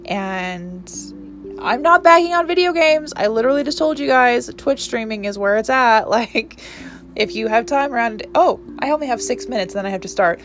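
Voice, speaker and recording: A woman's voice: fairly high pitch, animated, normal speed, fairly bright tone, soft background music. A woman in her twenties hosting her own podcast, talking earnestly and emotionally in a rambling monologue full of restarts. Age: 20s. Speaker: podcast host. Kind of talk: casual solo podcast monologue.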